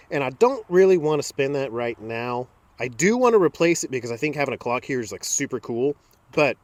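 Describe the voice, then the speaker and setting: Man, lively swooping voice, slightly high, casual garage how-to host, rambling storyteller. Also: no room sound. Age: adult. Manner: chatty storyteller, drifts into tangents. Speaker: host of a home garage channel. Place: home garage.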